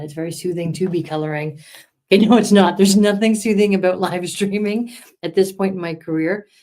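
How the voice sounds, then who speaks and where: A woman's voice: on the low side, dark tone. A middle-aged woman in a casual crafting livestream, chatting and encouraging viewers as she colors. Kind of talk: casual live-stream chat while coloring.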